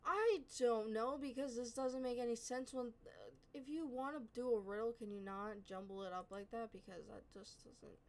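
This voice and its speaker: A woman's voice: on the high side, normal speed, a little mellow, low-quality recording. A woman hosting a reaction video, chatting casually and often apologizing and correcting herself as she reads on-screen text aloud. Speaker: reaction channel host.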